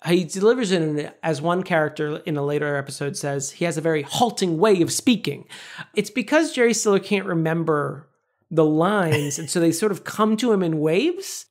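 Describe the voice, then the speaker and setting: A podcast co-host chatting casually, retelling scenes with lively, animated delivery and some casual swearing. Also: mid-range voice, moderate pace. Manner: animated storytelling, acting out quoted lines. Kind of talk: casual chat.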